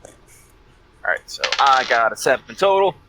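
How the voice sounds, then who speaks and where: A man playing in a tabletop game, chatting casually in an animated, playful way. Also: mid-range voice, a little slow, background noise. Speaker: player.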